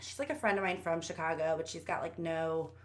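A woman's voice: low voice, fairly quick. A young woman on a podcast, telling a personal story candidly in casual chat, with lots of fillers and cursing. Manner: candid, profane, many fillers. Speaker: podcast guest.

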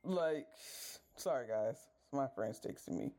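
A woman's voice: low voice, animated, normal speed, a little mellow. A woman podcast host telling a story in a casual rant, exasperated, swearing freely and talking straight to her listeners.

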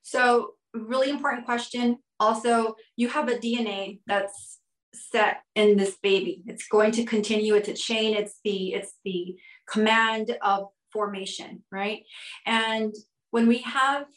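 A woman's voice: fairly high pitch, steady tone, unhurried, echoey room, low-quality recording. A woman guest on a podcast interview, explaining her points through strings of rhetorical questions. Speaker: guest expert.

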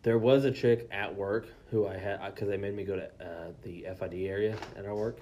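A man's voice: fairly low pitch, fairly even intonation, fairly quick, dark tone, dull audio, a little hiss or hum. A young man co-hosting a casual podcast, telling a story with lots of swearing and acted-out quotes. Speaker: podcast co-host.

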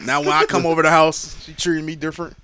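A man co-hosting a podcast, tossing in quick reactions and laughing asides. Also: a little high, flat delivery, crowd noise. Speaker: podcast co-host. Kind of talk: casual chat.

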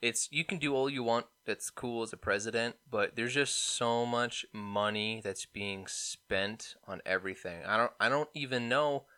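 A young man co-hosting a podcast, ranting excitedly about politics and mocking people in put-on voices. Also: mid-range voice, moderate pace, hardly any pauses, clean tone. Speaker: podcast co-host. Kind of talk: casual political banter.

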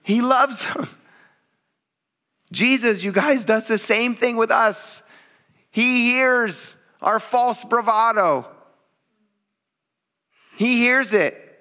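Animated casual man preaching a sermon. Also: extremely high pitch, takes it slowly, pauses often. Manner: animated, acts out voices in quoted dialogue; casual, addresses congregation as "you guys". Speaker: pastor.

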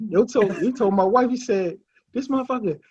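High, husky-voiced man telling a funny story. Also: moderate pace, dry recording. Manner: animated, laughing storyteller. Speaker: podcast co-host. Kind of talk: casual storytelling chat. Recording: dull lo-fi sound.

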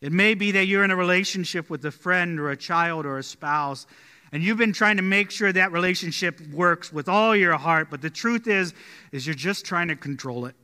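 A male pastor preaching in a church sanctuary with a very bright, ringing tone and a fairly high voice. He tells stories and falls quiet and slow on his main points. The sanctuary adds a long, trailing reverb. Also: clean tone. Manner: storytelling, drops quiet and slow on key points. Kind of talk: sermon.

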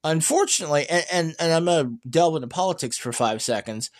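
A man's voice: a little high, quick pace. A man talking casually about electric cars in an opinionated, rambling way, with many fillers and restarts and emphatic outbursts. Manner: animated, emphatic rants. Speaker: EV news vlogger.

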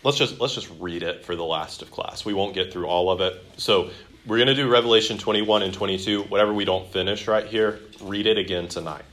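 A man's voice: on the low side, a little fast, a bit bright. A man teaching a Bible class in a classroom, chatty and jokey, with many fillers and restarts. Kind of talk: classroom teaching with joking asides.

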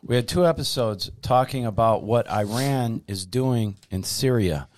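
A man's voice: medium pitch, measured pace, darkish tone, slight background noise. A man hosting a podcast in casual chat, jokey and steering the conversation, from Minnesota. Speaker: podcast host.

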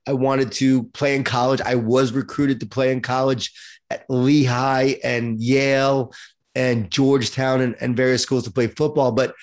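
Speaking a little slowly in a medium-pitched voice, this middle-aged Long Island author tells his life story as an interview guest. He keeps it lively and pokes fun at himself.

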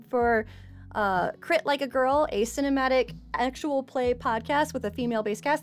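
A woman hosting a tabletop game stream as its game master, chatty and stumbling over her words. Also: a little high. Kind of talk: tabletop stream intro and announcements.

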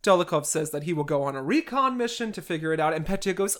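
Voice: mid-range voice, expressive, fast, fairly bright tone. Podcast host, casual book recap, wry and sarcastic, mid-range voice. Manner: wry, with sarcastic asides to the characters.

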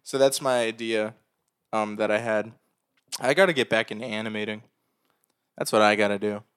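Young man, casual podcast chat, joking, swears a lot, smooth voice. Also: lowish voice, fairly even intonation, normal speed, a bit bright. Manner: loose and joking, swears freely. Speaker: podcast co-host.

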